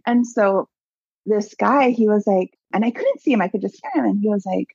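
A woman interview guest, a coach, telling personal stories in a lively, chatty way with lots of "like" and laughter. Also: mid-range voice, brisk, gravelly, husky, dry recording, highs cut off. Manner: animated storyteller, many "like"s and laughs. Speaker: guest, abundance mindset coach. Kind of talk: casual storytelling interview.

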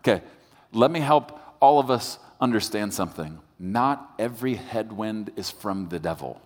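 Animated male preacher in a reverberant hall. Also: lowish voice, moderate pace. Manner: animated preaching, swings between loud emphasis and quiet intensity. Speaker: pastor. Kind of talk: sermon.

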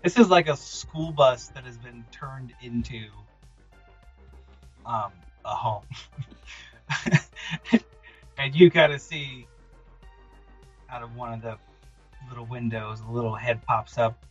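A man narrating a tabletop game as game master, animated and quick to laugh. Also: medium pitch, husky. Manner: animated, laughing, hesitant fillers. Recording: dull, dry, with background music.

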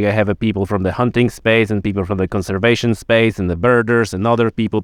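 A man's voice: on the low side, smooth, no echo, clean studio sound. A man hosting a podcast in a conversational interview, chatty, with lots of likes and run-on asides. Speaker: podcast host.

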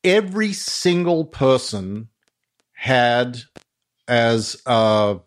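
Older aussie guy, slow and measured, dry humor, guest on a podcast. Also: medium pitch, very animated. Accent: Australian. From Australia. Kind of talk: casual interview chat.

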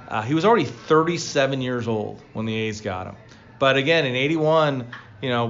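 A man co-hosting a casual baseball talk show, telling player stories with lively excitement. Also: muffled recording. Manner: storytelling, animated, rising pitch when excited. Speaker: baseball podcast co-host, former player. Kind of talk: casual sports chat.

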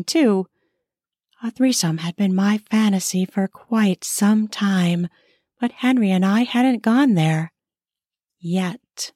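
A woman narrates an erotic story in the first person, taking her time over every phrase. Her reading is slow and intimate, and the close, dry recording has no room sound around her voice. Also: medium pitch, darkish tone, no room sound. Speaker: narrator and author.

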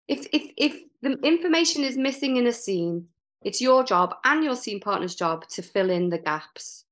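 A woman's voice: on the high side, normal speed. Chatty middle-aged woman improv teacher. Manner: chatty, animated, frequent fillers and restarts. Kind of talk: casual podcast chat.

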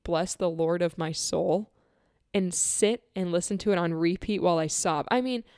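A woman tells a personal story in an easy, conversational voice. She is earnest and animated and laughs often, and she acts out the quotes in her story. The recording is close and dry, with no room echo. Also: on the low side, normal speed, smooth.

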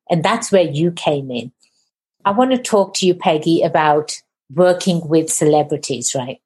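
A woman hosting a podcast, her voice sitting a little low. She talks fast and with a lot of enthusiasm, piling on praise in a loose, casual conversational style. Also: animated, darkish tone. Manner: fast-talking, enthusiastic, effusive. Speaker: podcast host. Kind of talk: casual interview chat.

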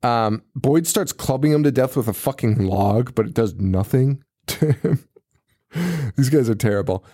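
This podcast co-host has a medium pitch and a slightly slow delivery. He's swearing heavily and laughing frequently, staying animated as he and his partner talk casually through a horror movie in a loose review chat.

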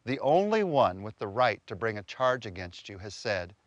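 A man's voice: fairly low pitch, sing-song, moderate pace, dry recording, highs cut off. A middle-aged man preaching a sermon as pastor, earnest and emphatic, asking rhetorical questions.

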